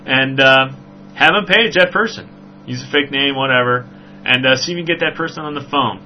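A man hosting a podcast, telling a story in a rambling, animated way with frequent "right?" asides. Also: medium pitch, brisk. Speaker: podcast host. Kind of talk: casual storytelling chat. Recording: dull lo-fi recording with faint hum.

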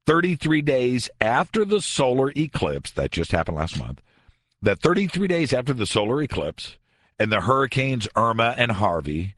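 Late-night radio host, man, very low voice, husky, sarcastic studio monologue. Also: no room sound. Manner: sarcastic, conversational, animated. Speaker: radio talk show host.

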